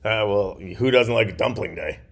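A man's voice: fairly low pitch, normal speed, gravelly, a bit bright. A man co-hosting a casual podcast, chatty, with a slight cough and many restarts. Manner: chatty, restarts and trailing phrases. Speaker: podcast co-host. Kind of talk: casual chat.

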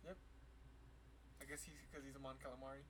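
A man co-hosting a podcast in casual chat, reacting fast and chiming in with short remarks. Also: mid-range voice, level tone, fairly bright tone, a little hiss or hum. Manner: quick reactions, laughs along, chimes in. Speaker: podcast co-host.

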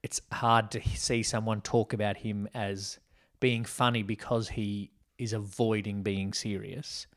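A man's voice: lowish voice, flat delivery, unhurried, hardly any pauses, fairly bright tone. A man co-hosting a casual film podcast, thinking aloud in a rambling way with plenty of ums. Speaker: podcast co-host. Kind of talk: casual film-review chat.

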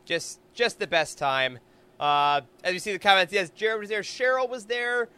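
Bright high-voiced enthusiastic man. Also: smooth. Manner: enthusiastic, gushing, quick asides. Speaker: podcast co-host. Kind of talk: excited casual recap chat.

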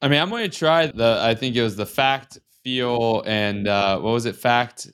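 A man in his thirties hosts a podcast interview. He talks casually and conversationally, reacting to his guest. His voice sits at an ordinary middle pitch for a man. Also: normal speed, fairly bright tone, smooth. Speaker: podcast host.

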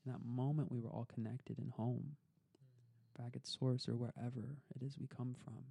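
A young man telling a personal story as a podcast guest, calm and unhurried. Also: medium pitch, vocal fry.

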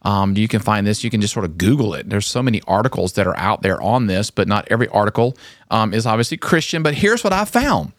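A man's voice: lowish voice, lively intonation, quick pace, dry recording, studio quality. A man co-hosting a casual Christian podcast, earnest and enthusiastic, with frequent fillers and restarts. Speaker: podcast co-host.

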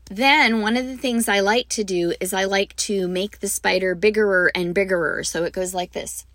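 A woman's voice: mid-range voice, moderate pace, few pauses, fairly bright tone, no room sound. Bubbly woman music teacher, dry close mic. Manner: bubbly, gushing, lots of ums. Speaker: podcast host, music teacher. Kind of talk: enthusiastic teaching talk.

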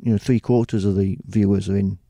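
Brisk and fairly even in intonation, this lowish, dark voice belongs to a middle-aged British TV presenter and producer. He speaks informally in an interview, wandering off with many restarts and "you know"s, recorded dry with studio quality.

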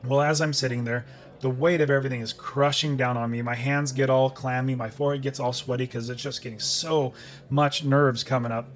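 A man's voice: medium pitch, steady tone, fairly quick, soft background music. A middle-aged man, a podcast guest, telling a personal story in conversation and acting out his own past thoughts.

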